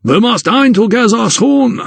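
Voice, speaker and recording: A man's voice: fairly high pitch, sing-song, takes it slowly, vocal fry, fairly bright tone, husky, no room sound, pitched above the performer's own voice, exaggerated voice. A man voicing a famous composer who is charming but in a hurry, speaking in a heavy, guttural accent. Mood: cordial. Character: famous middle-aged composer, hurried and charming.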